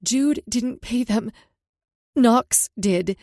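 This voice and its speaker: A woman voicing a tearful young woman confessing to her mother, speaking haltingly. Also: fairly high pitch, a little mellow, no room sound, clean studio sound. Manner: emotional, halting.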